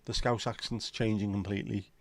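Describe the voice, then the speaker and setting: This is a gravelly, fairly low, level voice moving at a fairly quick clip with no echo. The speaker is a middle-aged Liverpool man hosting a livestream, chatting to his live audience in a sweary, opinionated, meandering fashion.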